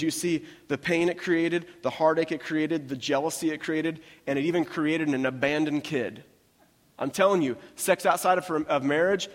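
A man preaches with a high, light voice, talking to the congregation in a loose, joking way full of quick asides. His words ring out with the long reverb of a large hall. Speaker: pastor. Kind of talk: sermon.

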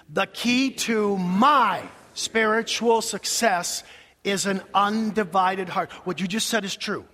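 A man preaching a sermon as pastor, dropping to hushed near-whispers and rising to shouts, sometimes singing lines of a hymn. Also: high voice. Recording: long hall reverb.

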